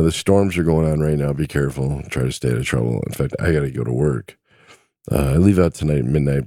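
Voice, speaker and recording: Warm and bass-deep, his voice carries vocal fry and a breathy edge over clean, echo-free studio sound. He's a middle-aged trucker hosting a solo podcast, easygoing and self-deprecating as he meanders through stories of the road.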